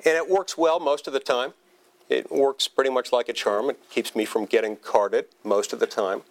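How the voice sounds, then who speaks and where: A man's voice: medium pitch, steady tone. A man delivers a humorous anecdote in a speech, in a mid-range voice. He tells it wryly and pokes fun at himself, often stopping to restart a phrase before moving on. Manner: wry, self-deprecating storytelling with halting restarts. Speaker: senator giving a speech.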